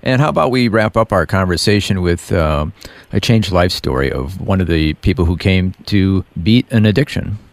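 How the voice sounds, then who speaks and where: A man hosting an interview, asking steady questions and adding brief encouraging remarks. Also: low voice, moderate pace, no room sound. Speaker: radio interviewer, host.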